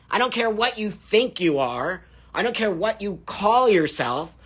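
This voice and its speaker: Husky-voiced man ranting angrily. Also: high voice, sharp tone. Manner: heated, profane, emphatic and confrontational. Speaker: livestream host. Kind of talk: angry livestream rant.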